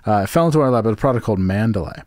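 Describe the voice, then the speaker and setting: A man's voice: fairly low pitch, expressive, rapid-fire, a little mellow, no echo. A man co-hosting a crude comedy podcast, bantering and stumbling over his words as he reads aloud. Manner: stumbling, restarts mid-sentence when reading aloud. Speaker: podcast co-host.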